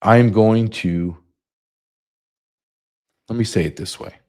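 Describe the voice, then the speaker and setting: A man in his fifties delivers a solo podcast monologue. His voice sits very low and sounds dark and mellow. He drives his points with emphatic, repeated phrases. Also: slow pace. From United States. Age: 50s. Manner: emphatic, repetitive. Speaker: podcast host.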